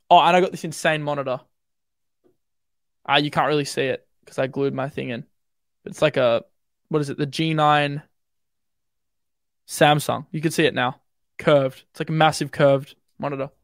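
A young man with an Australian accent talks quickly and loosely on a live stream, full of fillers and slang. His voice sits a bit high. The sound is dry and close, with no room around it. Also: dry recording. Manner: relaxed, rambling, quick and slangy with many fillers. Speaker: crypto streamer. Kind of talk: casual live-stream chat and chart commentary.

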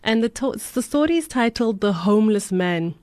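A woman radio presenter narrating a motivational story in a steady, measured reading. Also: mid-range voice, no echo.

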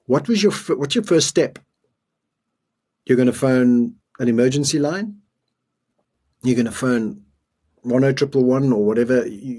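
A middle-aged man from South Africa tells a harrowing story in earnest, his voice husky and breathy at a steady middle pitch. He stops and restarts his sentences as he recalls it, in an interview setting. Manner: earnest, emotional retelling with restarts. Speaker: guest.

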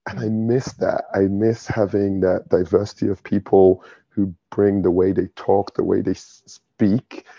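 A man's voice: low-pitched, level tone, measured pace, few pauses, warm tone, husky, no room sound, lo-fi sound. A young man from London with a British accent touched by Nigerian inflections, chatting casually as a guest and laughing often. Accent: British English with Nigerian touches. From London, England. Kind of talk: casual conversation.

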